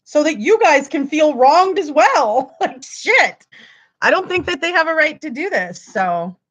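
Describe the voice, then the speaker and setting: A woman's voice: sits high, sing-song, a little slow, a bit bright. A woman hosting a livestream, ranting at her viewers in a frustrated, profane way. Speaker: livestream host.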